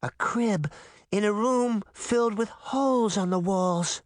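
A man voicing a fragile, confused little girl who is high and tearful, in a storybook reading. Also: slow, no echo, clean studio sound, lightly acted. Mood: haunted.

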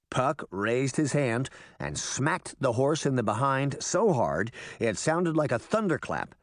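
A man reading a children's adventure story aloud as an audiobook narrator, with expressive, animated storytelling. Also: medium pitch, unhurried, hardly any pauses, dry recording, clean studio sound.

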